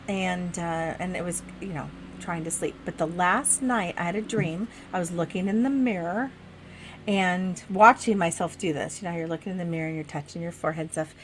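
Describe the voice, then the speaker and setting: Middle-aged woman podcast co-host, chatty, expressive storyteller, laughs a lot, casual swearing. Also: fairly low pitch, normal speed, slight background noise. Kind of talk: casual chat.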